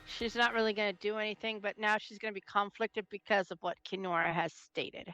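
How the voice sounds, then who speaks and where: A woman's voice: medium pitch, steady tone, a little fast, sharp tone, lo-fi sound. A woman playing in a tabletop game, explaining what her character does on her turn. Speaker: player. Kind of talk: casual tabletop gaming chat.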